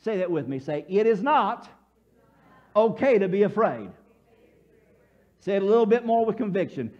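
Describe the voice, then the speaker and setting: A male pastor with a high, very lively voice preaches with animated storytelling, slipping into voices for the people in his stories. The sound is a little dull and lo-fi, like a church broadcast feed. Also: moderate pace, pauses often. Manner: leads congregation call-and-response. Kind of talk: sermon.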